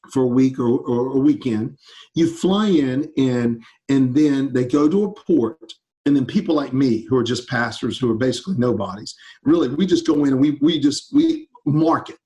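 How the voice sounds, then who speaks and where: A man's voice: medium pitch, mellow. A man, a campus ministry pastor answering students' questions in an enthusiastic, upbeat casual chat over a video call.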